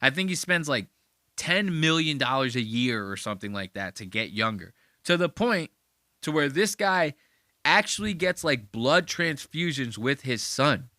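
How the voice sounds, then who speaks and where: A man hosting a podcast in casual commentary, excitable, slangy and profane. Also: medium pitch, no room sound, studio quality. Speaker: podcast host.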